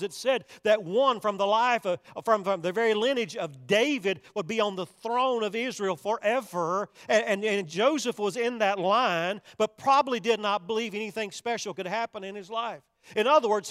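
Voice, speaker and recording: Older preacher in a big echoing hall. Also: male voice, sits high, fairly bright tone. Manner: dramatic storytelling, acts out quoted voices, repeats words. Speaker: pastor. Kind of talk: sermon. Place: church sanctuary. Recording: long reverb of a large hall.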